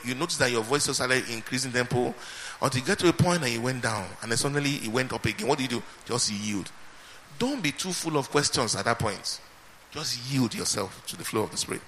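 A man preaching a sermon, emphatic and repeating his phrases, swinging between loud and soft. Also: mid-range voice, a little hiss or hum. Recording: reverberant hall with faint ambience.

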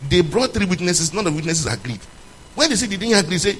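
A man delivers a sermon to his congregation, his pitch leaping and falling all through it. He hammers out loud, pointed questions, then drops to a quiet, low voice. A faint room hum sits beneath him. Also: fast, low-quality recording. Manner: animated preaching, swinging between loud emphatic questions and low, quiet passages. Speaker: preacher.

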